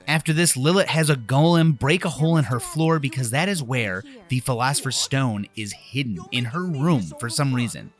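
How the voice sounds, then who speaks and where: A man's voice: mid-range voice, normal speed, few pauses, faint music behind. A man hosting a retro game channel, recapping a game's story in a casual, offhand voice-over with the odd swear word. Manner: chatty, offhand, occasional swearing.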